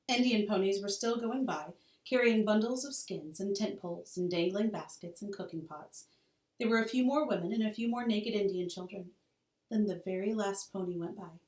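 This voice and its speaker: A woman teacher reads a children's novel aloud with an expressive storytelling cadence. She sits well back from the microphone in a roomy school room that echoes. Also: mid-range voice. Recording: roomy, distant mic.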